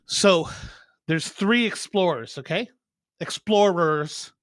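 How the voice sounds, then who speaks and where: Man, podcast co-host, casual joke-telling, high voice, dry studio sound. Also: takes it slowly, dry recording. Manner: animated storytelling, squeaky voices for characters. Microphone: studio mic.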